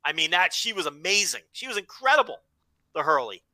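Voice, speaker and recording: A man's voice: high voice, very animated, a little fast, pushed and bright, no room sound. A man co-hosting a podcast in loose, profane, joking chat. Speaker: podcast co-host. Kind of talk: casual chat.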